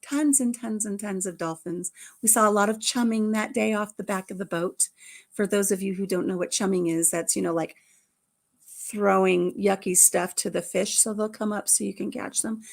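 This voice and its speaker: A middle-aged woman hosting a casual chat, telling a family story in an animated way and acting out the voices. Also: medium pitch, normal speed, creaky. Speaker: host.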